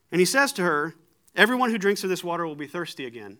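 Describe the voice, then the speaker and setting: A man, likely middle-aged, preaching a sermon in a conversational, animated way, retelling stories with frequent restarts. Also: fairly high pitch, fast talker.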